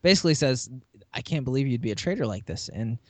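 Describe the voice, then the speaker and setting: A man's voice: mid-range voice, lively intonation, fast talker, no echo. A man co-hosting a podcast, chatty and full of "you know", retelling a TV episode with laughs. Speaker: podcast co-host. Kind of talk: casual chat recapping a TV episode.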